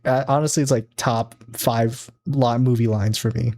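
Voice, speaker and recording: A man's voice: medium pitch, fairly even intonation, moderate pace, mellow. Male podcast co-host; loose rambling delivery, self-amused laughter. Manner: rambling, restarts often, laughs at his own jokes. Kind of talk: casual chat.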